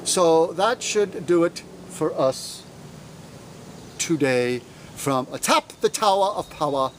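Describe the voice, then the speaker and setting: A man's voice: a little high, slow, a little hiss or hum. A man teaching German grammar outdoors from atop a tower, explaining patiently and checking that his listeners follow. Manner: lively, patient, checks for understanding. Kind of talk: classroom-style explanation.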